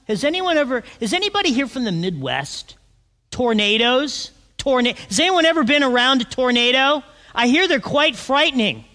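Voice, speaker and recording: A man preaching a sermon, animated and asking his congregation questions. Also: very high-pitched, in a large hall. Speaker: pastor.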